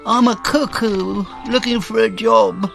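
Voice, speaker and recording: A man voicing a clumsy, sniffling cuckoo bird in a children's story, in a slow, drawling, high voice. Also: fairly even intonation, vocal fry, fairly bright tone, faint music behind, exaggerated voice. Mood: glum.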